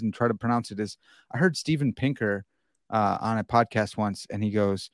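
A man's voice: mid-range voice, normal speed, no echo, clean studio sound. An American man hosting a podcast, chatting casually and poking fun at himself, with lots of fillers. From United States. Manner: chatty, self-deprecating, many fillers. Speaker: podcast host.

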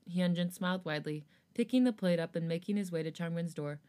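A woman's voice: lowish voice, fast talker, warm tone, clean tone. A woman podcast host narrating a fanfiction story in a casual reading voice. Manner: casual narration, laughs at slips.

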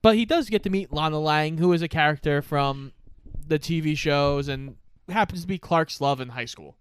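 A young man with a smooth, somewhat high voice narrates a film's plot in relaxed, casual fashion. He defends the story's choices without much heat. The recording is close and dry. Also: normal speed, dry recording. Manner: laid-back, plot-summarizing, mildly defensive. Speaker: podcast co-host. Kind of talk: casual movie recap.

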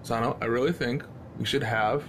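A man's voice: mid-range voice, fairly even intonation, normal speed, a bit bright, slight background noise. A man playing a tabletop role-playing game, talking in an eager, persuasive way. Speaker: player.

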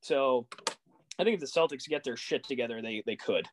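A young man co-hosting a sports podcast in a relaxed, casual chat. He gets worked up in animated rants and fires off rising, exasperated questions. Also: mid-range voice, fairly quick, slight background noise. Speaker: podcast co-host.

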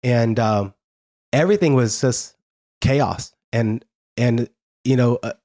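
A man speaks as a guest, telling his story in an earnest, halting way. He often stops and restarts mid-sentence as he works through the memories. His voice sits at a middle pitch. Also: warm tone.

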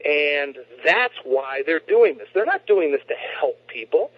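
A man's voice: fairly high pitch, very animated, a little slow. A man, a guest on a talk show, explaining his views earnestly over a phone line and often restarting his sentences. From United States. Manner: earnest, lecturing, frequent restarts. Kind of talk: opinionated interview talk. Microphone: telephone.

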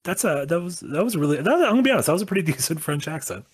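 A man's voice: a little high, animated, very fast, slightly rough, no room sound. A man co-hosting a casual stream, upbeat and encouraging as he thanks donors. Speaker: stream co-host.

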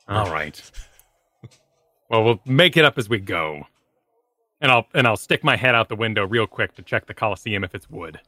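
Man playing a tabletop game, bright voice, dry close mic. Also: fairly low pitch, expressive, normal speed, long pauses, dry recording. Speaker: player.

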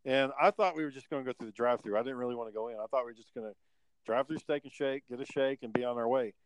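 A young adult man co-hosting a podcast races along in a medium-pitched voice, telling animated, meandering stories laced with swearing. The recording is low quality with no echo.

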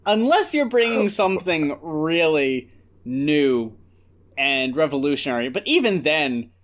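A man with a high, animated voice co-hosting a music review podcast. He rants bluntly and swears freely while picking apart an album. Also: a little slow, a little hiss or hum. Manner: blunt, profane ranting. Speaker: podcast co-host. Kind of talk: casual album review chat.

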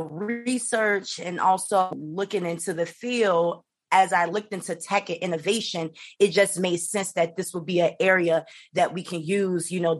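Woman doctor from chicago on a podcast, kinda low voice, calm and explaining stuff. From Chicago, USA. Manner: measured, explanatory. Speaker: physician guest. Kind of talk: podcast interview.

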